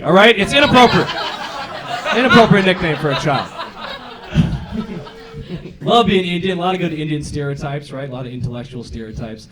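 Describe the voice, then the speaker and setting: Animated man doing stand-up, crowd laughing. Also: a little high, fairly quick, long pauses. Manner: animated, self-deprecating, punchy delivery. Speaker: stand-up comedian. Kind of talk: stand-up set. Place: comedy club stage. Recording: live club recording with crowd laughter. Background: audience laughter.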